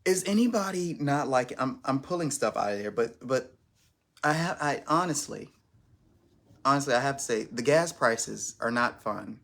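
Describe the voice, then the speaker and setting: A man's voice: medium pitch, expressive, moderate pace, gravelly, a bit bright. A man hosting his first live stream, chatting casually in a rambling, self-conscious way with lots of restarts.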